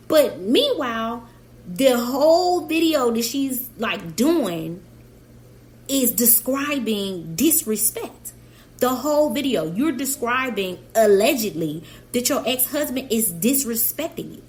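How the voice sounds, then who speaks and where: With a fairly high, very animated voice and a slightly slow pace, this young woman hosts reaction videos. She chats emphatically with her audience and speaks straight to the subject who isn't there.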